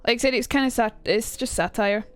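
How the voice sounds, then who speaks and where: A young woman with a Scottish accent chatting casually on a live stream, quick and swearing now and then. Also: a little high. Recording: dry room, faint music.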